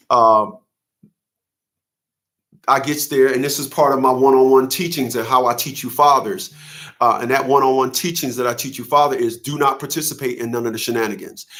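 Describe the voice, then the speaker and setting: Middle-aged man, host, casual talk to camera, animated, rambling, profane, frequent restarts. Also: medium pitch. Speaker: father's rights advocate and host. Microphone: camera facing the speaker.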